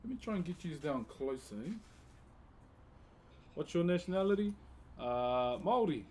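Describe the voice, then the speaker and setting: A man's voice: fairly high pitch, animated, moderate pace, a little mellow, a little hiss or hum. A laid-back man from New Zealand with a New Zealand accent, chatting casually with his live-stream viewers while he carves wood and calling them bro.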